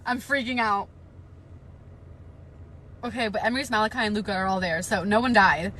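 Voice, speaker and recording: A woman on a live stream, reading a novel aloud and breaking into loud, panicked reactions and swearing, from inside a car. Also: mid-range voice, normal speed, pauses often.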